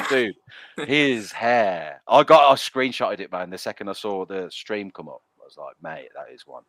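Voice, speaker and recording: Man, stream host, low voice, dry close sound, blunt and sweary. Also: lively intonation, moderate pace, a bit bright, no echo. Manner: blunt, sweary, reads out chat messages. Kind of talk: casual stream chat.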